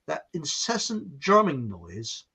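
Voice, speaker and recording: Husky guy rambling thru a funny story, voice goes up and down loads. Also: on the high side, huge pitch swings, takes it slowly, bright, forceful tone. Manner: rambling, jokey, breaks into asides. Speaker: podcast host. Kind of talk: casual storytelling chat.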